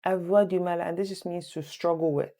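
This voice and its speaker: Woman tutor, low mellow voice; slow repeated phrases with chatty asides. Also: steady tone. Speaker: French teacher. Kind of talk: online language lesson.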